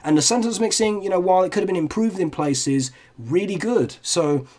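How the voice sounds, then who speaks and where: A man's voice: high voice, fairly quick, a little mellow. A young man giving casual, candid reaction commentary on fan videos and swearing freely. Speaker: video reviewer.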